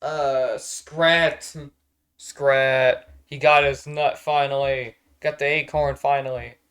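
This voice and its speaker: A man's voice: medium pitch, flat delivery, takes it slowly, fairly bright tone, smooth. A man streaming from home, chatting casually in a rambling, profane way and getting exasperated easily. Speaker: streamer ranking characters on a tier list. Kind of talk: casual live-stream chat.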